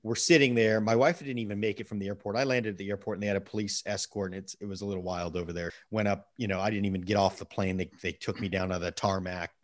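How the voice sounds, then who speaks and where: A middle-aged man with a fairly low voice tells a personal story in relaxed interview talk. He gets animated as the story builds and stumbles over repeated words when excited. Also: quick pace, few pauses. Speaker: guest. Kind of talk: casual storytelling.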